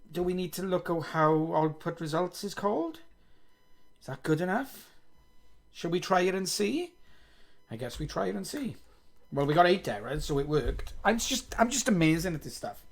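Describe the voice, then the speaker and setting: A man's voice: sits high, lively intonation, moderate pace, gravelly, pauses often. Man muttering through live coding. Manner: muttering, self-mocking, reads code aloud. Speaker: live-streaming developer. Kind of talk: thinking aloud while coding live.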